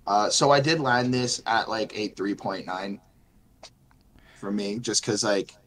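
A man's voice: lowish voice, measured pace, fairly bright tone, slight background noise. A man reviewing songs in a casual chat, hesitating and searching for words as he goes. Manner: hesitant, many fillers and restarts. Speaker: music reviewer.

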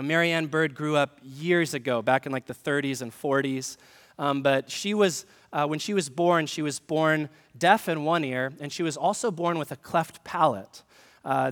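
A man's voice: fairly high pitch, moderate pace, a bit bright, big-room sound. A man, a pastor, giving a conversational sermon with humor and direct questions to the congregation. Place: church sanctuary.

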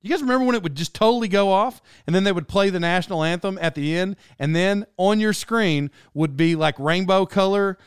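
A man in his thirties telling rambling, animated stories in a casual monologue as a podcast host. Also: high voice, fairly quick, few pauses, clean tone, no echo, clean studio sound. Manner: rambling, animated storytelling with laughs.

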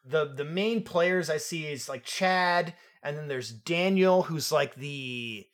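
A man's voice: a little high, slow pace. A man co-hosting a podcast, chatting casually about a film with playful jokes and asides. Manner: animated, jokey, playful asides. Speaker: podcast co-host. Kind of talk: casual film review chat.

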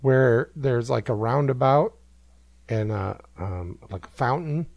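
Gravelly, animated man telling a story. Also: mid-range voice, slow, no echo. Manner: rambling, self-amused, many fillers. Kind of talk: casual storytelling.

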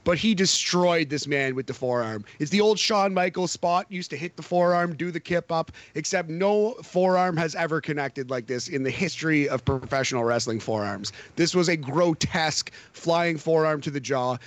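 A chatty man with a slightly high voice talks casually as a co-host, laughing easily as he goes. The sound is close and dry, with no room around him. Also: moderate pace, few pauses, no room sound. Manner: chatty, laughs often, playful. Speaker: wrestling podcast co-host. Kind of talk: casual chat.

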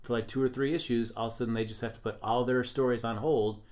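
A man's voice: medium pitch, fairly even intonation, fast, a little mellow. A man co-hosting a comic book podcast, talking in a playful, jokey and wordy way. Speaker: podcast co-host. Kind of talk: casual chat.

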